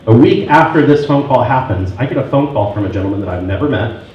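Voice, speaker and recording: A man's voice: medium pitch, quick pace. Man telling sales stories in an echoey room. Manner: animated, acts out both sides of phone calls. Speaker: real estate trainer. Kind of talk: storytelling talk at a sales meeting. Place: meeting room. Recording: very echoey room, distant, dull and muffled, faint noise.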